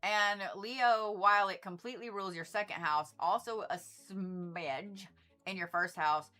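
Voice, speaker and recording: Bright-voiced chatty woman astrologer. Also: medium pitch, a little slow. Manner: chatty, rambling, profane, laughing asides. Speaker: astrologer livestream host. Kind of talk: casual livestream chat.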